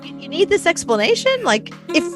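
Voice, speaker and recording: A woman's voice: very high-pitched, very animated, fairly quick, music in the background. A woman co-hosting a casual talk show, telling candid personal stories and laughing often. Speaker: co-host. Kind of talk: casual chat.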